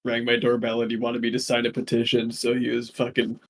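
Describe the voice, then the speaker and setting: A man on a voice call from his home, chatting casually with his tabletop group. His voice is mid-pitched and plain. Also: monotone, fairly quick. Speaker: player.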